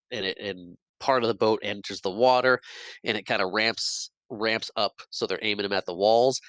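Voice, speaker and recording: A man's voice: fairly low pitch, sharp tone, no room sound, low-quality recording. A man hosting a podcast, retelling a film's plot in casual chat and acting out its characters' lines with laughs. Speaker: podcast host. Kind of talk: casual movie recap chat.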